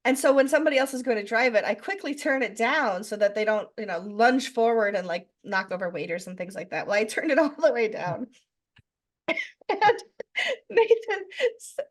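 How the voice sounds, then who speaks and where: A woman's voice: fairly high pitch, lively intonation, moderate pace. A middle-aged woman hosting a podcast interview, playful and teasing, telling stories with laughter. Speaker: podcast host. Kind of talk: casual interview chat.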